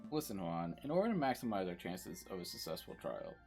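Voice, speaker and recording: A man's voice: sits low, huge pitch swings, brisk, creaky, darkish tone, faint music behind, heavily acted. A man voicing a blunt, businesslike male bird lawyer in a game. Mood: firm. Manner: firm, businesslike.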